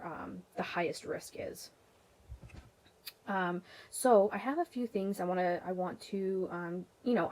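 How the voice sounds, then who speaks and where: A woman's voice: mid-range voice, darkish tone, low-quality recording. Chatty young woman vlogging, lots of ums. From Canada. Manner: chatty, rambling, many ums and restarts. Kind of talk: casual talk to camera.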